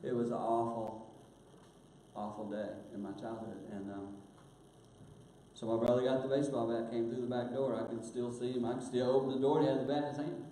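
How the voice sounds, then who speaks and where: An older man telling a personal story in a sermon, earnest, growing hushed at painful moments. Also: mid-range voice, level tone, fairly quick. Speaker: guest speaker. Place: church auditorium. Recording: very echoey church hall, faint hiss.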